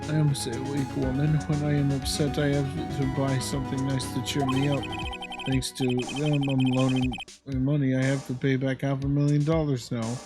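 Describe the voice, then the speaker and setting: A man voicing a timid, frightened woman client who speaks in halting, stilted phrases. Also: medium pitch, flat delivery, lightly acted. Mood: fearful. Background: loud game music.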